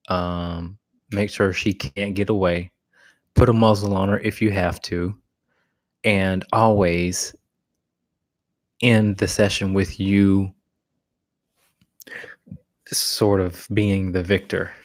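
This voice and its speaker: A man who trains dogs, answering viewer questions in a live Q&A in a blunt, casual way with frequent restarts. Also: low-pitched. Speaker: dog trainer. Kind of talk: live Q&A talk.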